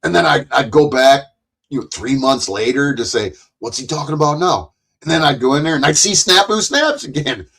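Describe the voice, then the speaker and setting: A man streams live and rants at length in a heated way. He swears often, trips over his words and circles back on himself. His pitch sits in the middle range for a man. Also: big pitch swings, a little fast, creaky, fairly bright tone, slightly rough. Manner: profane, rambling, heated and repetitive. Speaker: live streamer reacting to clips. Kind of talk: ranting live-stream commentary.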